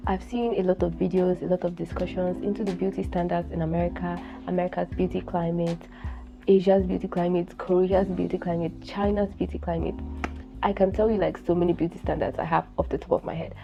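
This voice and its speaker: A woman's voice: lowish voice, little pitch movement, brisk, gravelly, lo-fi sound, over music. A woman from Nigeria chatting to camera in a casual vlog, joking and poking fun at herself. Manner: chatty, self-mocking, jokey. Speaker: vlogger. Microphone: on camera, seated at laptop.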